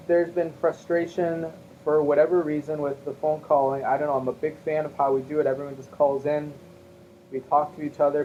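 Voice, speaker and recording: A man's voice: fairly high pitch, darkish tone. A man hosting his own podcast alone, rambling in a wry, self-mocking way. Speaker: podcast host. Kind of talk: rambling solo podcast chat. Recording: muffled lo-fi audio with faint hiss.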